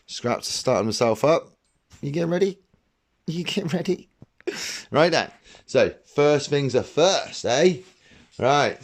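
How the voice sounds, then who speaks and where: A man's voice: medium pitch, a little hiss or hum. A man chatting casually to camera about his fishing gear in his fishing room at home, rambling and blunt. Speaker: fishing vlogger.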